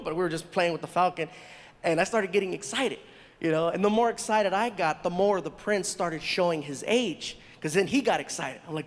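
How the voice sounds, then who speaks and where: A man doing stand-up storytelling on a theater stage, animated and laughing at his own jokes, into a handheld mic. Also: sits high, fast talker. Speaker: stand-up comedian. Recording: live show in a big reverberant hall.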